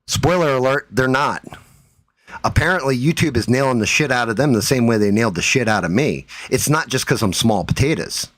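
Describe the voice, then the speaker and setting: A man's voice: medium pitch, expressive, a little fast, fairly bright tone, dry recording. A man hosting his own livestream, ranting in a profane, defiant and heated way. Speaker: livestream host.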